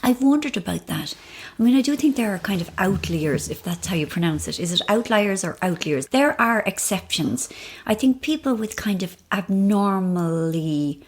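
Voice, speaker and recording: A woman's voice: mid-range voice, expressive, normal speed, husky. A woman in her fifties, a novelist guest in a candid interview, talking frankly and self-deprecatingly, recorded in a hotel room. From Ireland. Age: 50s. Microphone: mic perched on an ironing board.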